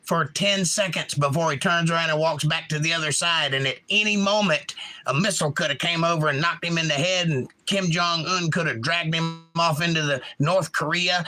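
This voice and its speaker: On the high side and sharp in tone, the voice belongs to a livestream host who's casual and opinionated. He reads the chat aloud, talks back and doesn't hold back his blunt views.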